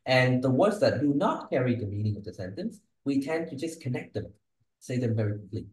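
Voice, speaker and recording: A man's voice: medium pitch, sing-song, brisk, a little mellow. A man tutoring a student one-on-one on English speaking, giving pronunciation feedback and checking in often with "yeah?" and "okay?". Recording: echoey room.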